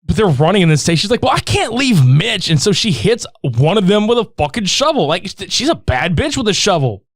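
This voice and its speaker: A man tells a movie's story in loose, profane chat, his pitch bouncing high and low as he acts out the characters. His voice sits a little high for a man and sounds close and dry. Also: quick pace, dry recording. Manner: animated, swearing, acts out characters' lines. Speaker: movie recap podcaster.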